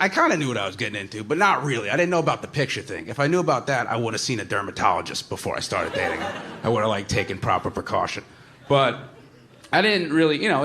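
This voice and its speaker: A man doing a stand-up comedy set on a live stage, rambling and self-deprecating, with many fillers and sudden shouted bits. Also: medium pitch. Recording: noisy live stage recording.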